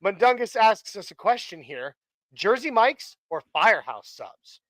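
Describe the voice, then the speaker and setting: Chatty high-voiced male stream host. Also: sing-song, a little slow, fairly bright tone, dry recording, poor audio. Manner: chatty and rambling, many fillers and restarts. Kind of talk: casual chat on a live stream.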